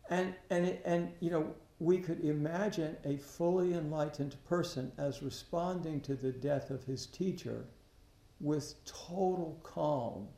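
A man giving a Buddhist dharma talk, halting, often restarting his sentences, and asking rhetorical questions. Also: fairly high pitch, creaky, warm tone. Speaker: Buddhist teacher. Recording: echoey room.

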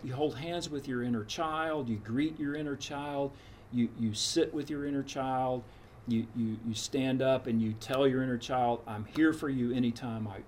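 A man's voice: mid-range voice, darkish tone, slight background noise. Reflective older man telling a personal story. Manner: reflective, meandering, frank. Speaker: storyteller recounting his path to meditation.

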